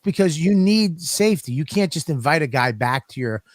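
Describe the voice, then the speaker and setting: A man's voice: a little high, expressive, normal speed, dry recording, clean studio sound. A man co-hosting a podcast, telling crude stories in a rambling, profane way. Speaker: podcast co-host. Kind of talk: casual comedic chat.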